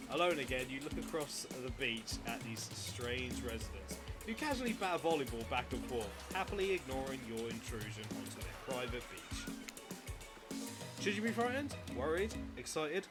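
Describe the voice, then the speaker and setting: With a medium-pitched, sing-song voice at normal speed, another streamer playfully performs a visual novel's text over game music. He hams up the drama, breaks off to joke, and throws in swearing for comic effect.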